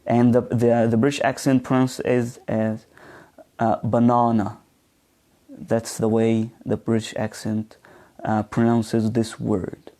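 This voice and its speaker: This man's voice sits in the mid range and sounds mellow and monotone. He is running a live online pronunciation lesson, talking slowly with lots of hesitation and filler words, demonstrating words and quizzing the students.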